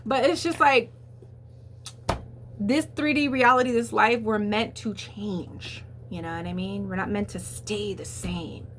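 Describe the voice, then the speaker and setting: A young woman does a casual tarot reading, chatty and animated, full of fillers and the occasional swear, laughing at her own asides. Her voice is mid-range and a little slow, with slight background noise.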